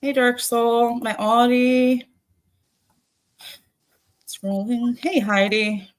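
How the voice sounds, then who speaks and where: A woman's voice: fairly high pitch, flat delivery, drawn-out words. A woman hosting a livestream, greeting viewers by name in a casual, laughing, swearing chat. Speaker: livestream host.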